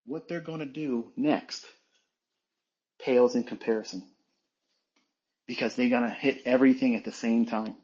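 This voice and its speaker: A man's voice: medium pitch, fairly even intonation, normal speed, long pauses, darkish tone, breathy edge, muffled recording. A man talking as a trading mentor in a blunt, emphatic, profane monologue, repeating his points for weight.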